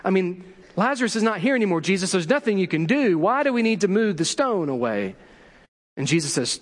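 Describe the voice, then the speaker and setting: High-voiced preacher in a reverberant hall. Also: male voice, very animated, a little fast. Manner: storytelling preacher, acts out quotes, asks the congregation questions. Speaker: pastor. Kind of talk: sermon.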